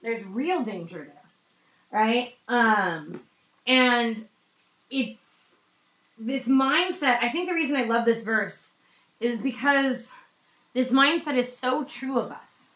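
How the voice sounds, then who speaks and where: Woman chatting through a bible lesson, high voice, echoey room. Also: takes it slowly, pauses often. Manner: chatty, animated, acts out quotes with laughs. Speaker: Bible study leader. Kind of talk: casual Bible teaching.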